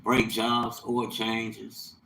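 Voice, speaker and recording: A man's voice: fairly low pitch, completely flat delivery, drawn-out words, vocal fry, sharp tone, slight background noise, poor audio. A man hosting a casual livestream, talking at length in a rambling, emphatic way that turns preachy at times. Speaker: livestream host, mobile mechanic.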